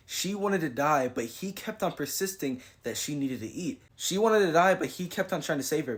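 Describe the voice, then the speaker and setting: A man recapping and reviewing a manga chapter in a casual, slangy way, paraphrasing the characters' lines as he goes. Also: on the high side.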